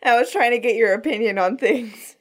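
A woman's voice: a little high, moderate pace. A woman co-hosting a podcast in casual chat, playful and teasing.

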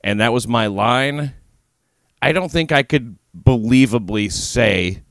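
A man hosting a podcast in casual chat, delivering commentary in a dry, sardonic deadpan. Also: medium pitch, slow pace, dry recording. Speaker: podcast host.

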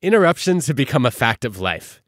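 Lively-voiced male podcast host. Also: medium pitch, fairly quick, no room sound, studio quality. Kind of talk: scripted narration.

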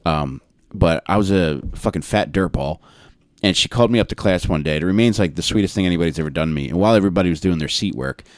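A man co-hosting a podcast, telling stories in a crude, deadpan way. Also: low voice, fast, dry recording, clean studio sound. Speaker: podcast co-host. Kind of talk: casual chat.

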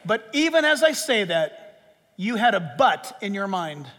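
A man's voice: high voice, very animated, unhurried, background noise. A man preaching a sermon from a stage, fervent and emphatic, repeating phrases for stress. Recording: long reverb of a big hall.

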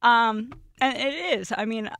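Bright-voiced emotional woman guest. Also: on the high side, a little slow, dry recording. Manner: emotional, laughs often, tells stories with quoted dialogue. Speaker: podcast guest, former roommate. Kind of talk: casual storytelling chat.

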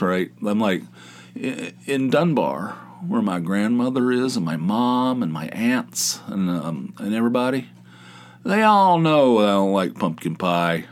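Middle-aged man from West Virginia, lowish voice, rambling self-mocking podcast host. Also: very animated, moderate pace. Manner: rambling, self-deprecating, with asides and restarts. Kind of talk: casual storytelling monologue. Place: home office in basement.

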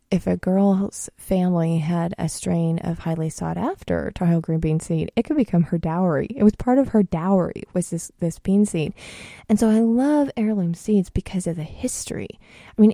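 A middle-aged woman from Washington State shares gardening memories in a relaxed, rambling way, full of fillers and restarts. Her voice sits low and sounds deeply warm, with a gravelly edge. The recording is dry, with no room sound. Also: no echo. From Washington State, USA. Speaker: home gardener. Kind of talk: casual storytelling monologue.

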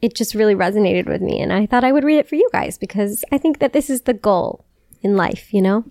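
A woman's voice: medium pitch, animated, a little fast, dark tone, no room sound, clean studio sound. A young woman co-hosting a podcast, chatting in a playful, emphatic way. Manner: playful, emphatic, sometimes swears. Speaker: podcast co-host. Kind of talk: casual chat.

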